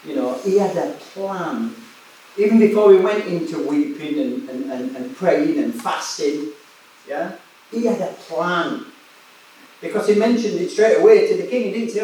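A preacher from West Yorkshire, England, tells stories in a sermon with a voice on the high side, a dark tone and a moderate pace. He shares chatty anecdotes and laughs often. The mic is distant in an echoey room.

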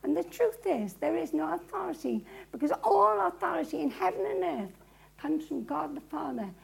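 A woman preacher with a gravelly voice, dramatically retelling a story to a live audience. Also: sits high, lively intonation, moderate pace, rough recording.

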